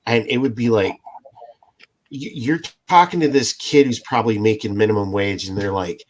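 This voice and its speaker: A man's voice: fairly low pitch, normal speed. A laid-back man, a podcast co-host, chatting casually, laughing often and swearing. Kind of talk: casual chat.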